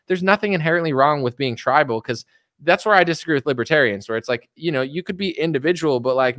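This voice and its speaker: A man's voice: mid-range voice, a bit bright, no echo, studio quality. A man giving loose, rambling commentary on a livestream, reading chat comments and often restarting his sentences. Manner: rambling, full of fillers and restarts. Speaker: political commentary streamer.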